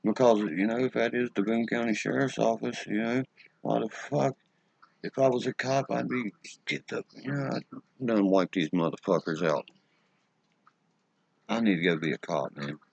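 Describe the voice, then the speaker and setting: Profane West Virginia streamer, very low voice, casual rant to his chat; dry room, lo-fi audio. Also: no echo. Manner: profane and ranting. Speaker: livestream host. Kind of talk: casual livestream chat, reading the chat.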